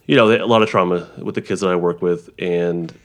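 A man who works as a therapist, explaining ideas in a halting conversational way, with frequent restarts and examples. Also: low voice. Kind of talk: conversational interview.

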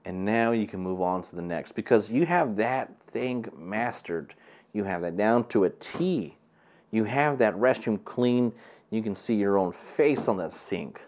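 Young guy with a really low voice doing his own podcast, rambly, lots of "you know", encouraging. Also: a little mellow. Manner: rambling, with many fillers and repeated words; earnest and encouraging. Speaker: podcast host. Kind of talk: casual solo podcast monologue. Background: air conditioner hum.

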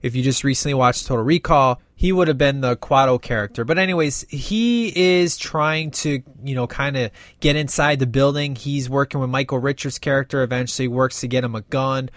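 A man's voice: medium pitch, brisk, hardly any pauses, dry recording. A man casually retelling a film's plot, acting out the characters' lines with plenty of fillers. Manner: animated retelling, acts out quoted dialogue, many fillers. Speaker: movie reviewer. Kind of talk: casual film recap.

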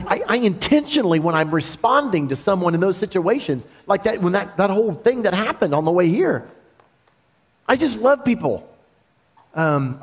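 A man preaching a sermon, talking in an animated, conversational storytelling way with laughs. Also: high voice, breathy edge.

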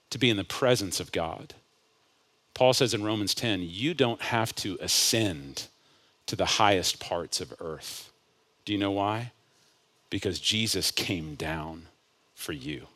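A male pastor preaching a sermon, climbing to loud impassioned peaks and dropping to hushed lines. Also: on the low side. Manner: builds to loud impassioned peaks, then drops to hushed asides.

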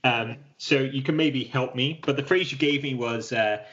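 A man's voice: medium pitch, normal speed, a bit bright. British man, casual podcast chat, rambling restarts, self-deprecating, slightly dull recording. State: keeps clearing his throat. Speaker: podcast co-host.

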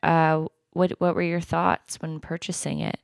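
A woman with a slightly low voice chats casually on a podcast, playful and curious, asking question after question. The sound is dry and close, with no room in it. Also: flat delivery, measured pace, gravelly, dry recording. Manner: playful, laughs often, asks lots of questions. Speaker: podcast co-host. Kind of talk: casual chat.

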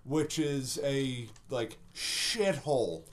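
A man's voice: medium pitch, extremely slow. A man hosting a casual podcast chat, joking crudely and laughing with his friends.

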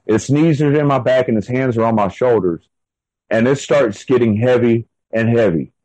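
A man's voice: medium pitch, normal speed, warm tone, no echo, low-quality recording. A man being interviewed, telling a long story in a casual, rambling way full of fillers and restarts. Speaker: interview guest.

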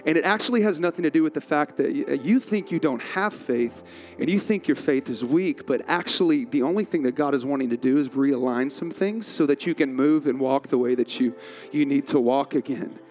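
A man's voice: medium pitch, a little fast, a little mellow. A male pastor preaching a sermon, telling a self-mocking story with frequent laughter.

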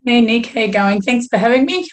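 Croaky aussie woman, middle aged, chatty guest, just rambles on honestly. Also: on the high side, expressive, a little fast. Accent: Australian. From Australia. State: slightly croaky voice. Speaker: guest runner. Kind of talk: casual chat.

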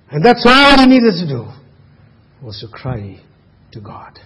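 A man preaching a sermon, asking the congregation questions and dropping his voice to a hush for emphasis. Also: sits high, huge pitch swings, measured pace, long pauses, husky, big-room sound. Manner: rhetorical questions, sudden drops to a hush. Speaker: pastor.

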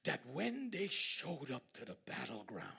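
A man from Guyana preaching a sermon in a church, swinging from hushed asides to loud, laughing exclamations. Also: a little high, huge pitch swings, measured pace, creaky, breathy edge. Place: church sanctuary.

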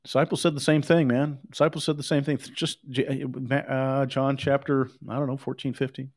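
A man's voice: medium pitch, little pitch movement, moderate pace, hardly any pauses. A male preacher delivers a sermon with a mid-range voice. He talks in a casual, conversational tone, but he hammers his points home by repeating himself. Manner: emphatic, repetitive, conversational.

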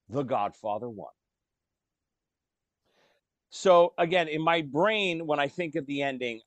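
A man co-hosting a podcast, talking about movies in a casual, animated storytelling way. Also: mid-range voice, no echo. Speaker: podcast co-host.

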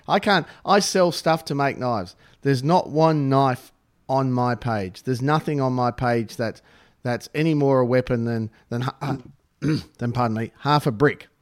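A man's voice: mid-range voice, measured pace. Male podcast guest, mid-range voice, wry and exasperated. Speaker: podcast guest, knife supplier. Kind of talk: casual chat.

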